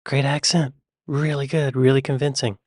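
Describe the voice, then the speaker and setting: A man's voice: mid-range voice, moderate pace, no echo, clean studio sound. A man from the Southeastern United States, chatting casually as he reacts to a video and repeating himself in an easygoing way. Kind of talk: casual commentary.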